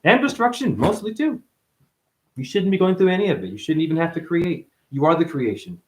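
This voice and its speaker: A man hosting a livestream, giving a rambling, profane, preachy spiritual monologue with sudden high, loud exclamations. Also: sing-song, fast, a little hiss or hum. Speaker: livestream host.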